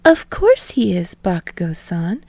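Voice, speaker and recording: A woman's voice: fairly low pitch, sing-song, a little slow, vocal fry, a little mellow, no room sound, full character voice. A woman voicing a polite, formal young woman who speaks courteously.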